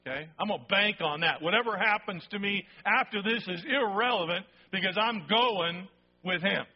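A man's voice: high voice, moderate pace, slightly rough. A man preaching a sermon in a conversational, emphatic way, often checking in with his listeners. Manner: conversational, emphatic, keeps asking "okay?". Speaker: pastor. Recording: dull lo-fi sound.

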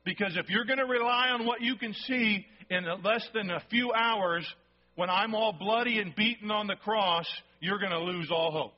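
High-voiced pastor preaching emphatically. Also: male voice, normal speed. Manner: conversational, emphatic, keeps asking "okay?". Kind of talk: sermon. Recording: dull lo-fi sound.

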